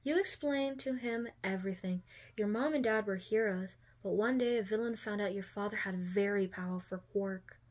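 A woman hosting a channel and reading a second-person fan story aloud in a plain, steady storytelling voice. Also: medium pitch, normal speed. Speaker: fanfiction reader.

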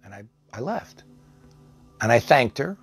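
Guy telling a story from his care work days, chatty, lots of uh and restarts, mid pitch. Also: sing-song, slightly rough, no echo, soft background music. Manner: conversational, halting with fillers and restarts. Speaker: storyteller, former psych care worker. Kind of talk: personal anecdote told aloud.

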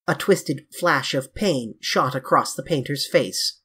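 A reader narrating a classic novel in a measured, even storytelling manner. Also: medium pitch, slightly rough. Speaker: audiobook narrator. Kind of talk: classic novel audiobook reading.

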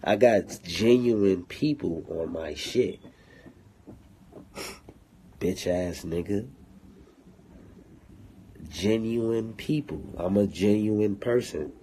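Deep, slow-talking man ranting on a livestream. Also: dark tone, slight background noise. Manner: profane, taunting, confrontational. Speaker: rapper streaming live to fans. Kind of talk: livestream rant. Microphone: phone.

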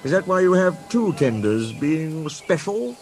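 A man's voice: on the high side, big pitch swings, a little slow, darkish tone, soft background music, pitched above the performer's own voice. A man voicing a big, proud male express engine who speaks earnestly in a storybook tale. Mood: eager.

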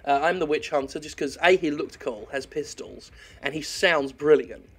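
A man talks through his own gameplay in a profane, joking let's-play commentary. His voice sits a bit high for a man, and he breaks into excitable yells at the enemies on screen. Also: normal speed, husky. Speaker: games critic playing a game.

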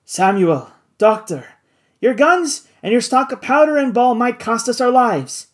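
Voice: medium pitch, very animated, a little slow, voice pushed up. A reader voicing a proud hunter and sportsman in an audiobook, blunt and earnest in manner. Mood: pleading. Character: gruff Scottish-born hunter, a proud sportsman. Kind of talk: audiobook character voice.

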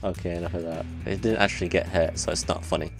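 Man, reaction video host, casual swearing commentary, lowish voice. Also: fairly even intonation, fast, creaky, over music. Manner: swears freely, laughs often, exclaims at clips.

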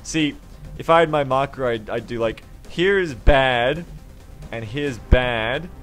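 A man streaming a strategy game, commentating sarcastically and jumping to excited yelps. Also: medium pitch, takes it slowly. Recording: game stream with music behind.

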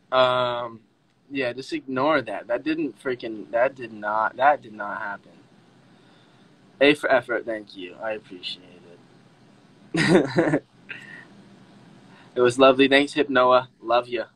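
A young man hosting a casual livestream with fans from home on a phone, chatty and excitable, often breaking into squeals and laughs. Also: medium pitch, low-quality recording. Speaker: livestream host talking with fans.

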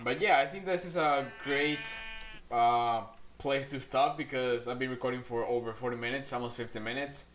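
A man's voice: medium pitch, moderate pace, a bit bright, a little hiss or hum. A man giving casual gameplay commentary as a channel host, rambling playfully and coaxing animals along.

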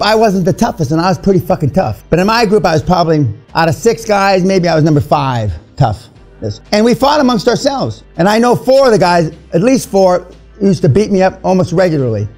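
A man's voice: fairly high pitch, vocal fry, warm tone. A man in his seventies giving a blunt, crude and confrontational seminar talk to a room of people, with many fillers. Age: 70s. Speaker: seminar speaker. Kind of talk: profane motivational seminar talk.

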